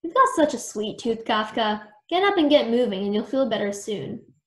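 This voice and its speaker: A woman voicing a confident, playful woman sleuth with a brisk, teasing way of talking, recorded in a roomy space. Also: on the high side, big pitch swings. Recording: roomy echo.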